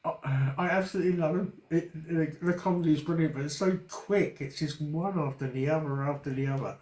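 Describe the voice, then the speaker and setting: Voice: medium pitch, fairly quick, darkish tone, echoey room. A person giving casual reaction commentary on a comedy clip, amused and giggly.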